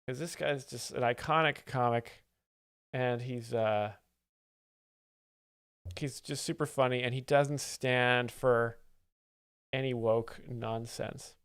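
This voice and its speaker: A man hosts a live comedy stream, delivering his asides with a deadpan, ironic edge. His voice sits at an everyday middle pitch. The room around him is dry, with no echo. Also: slow, pauses often, clean tone. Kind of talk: satirical live-stream commentary.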